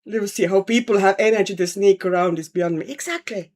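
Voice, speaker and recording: Speaking a little fast in a mid-range, darkish voice, this woman from Estonia hosts a casual home livestream where she colours and replies to viewers' comments.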